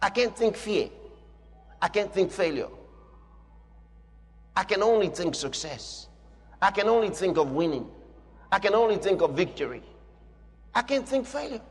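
A man preaching a sermon with emphatic, repetitive declarations that rise to shouting. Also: high voice, lively intonation, normal speed, long pauses. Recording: long hall reverb with faint music.

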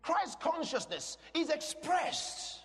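A man preaching a sermon, teaching in an emphatic way and breaking into shouted declarations, often asking the congregation questions. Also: extremely high pitch, very animated, takes it slowly. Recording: long hall reverb.

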